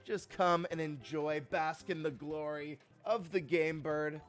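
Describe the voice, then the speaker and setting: A man hosting a live stream, chatting casually and greeting viewers with excited energy. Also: a little high, unhurried, faint music behind.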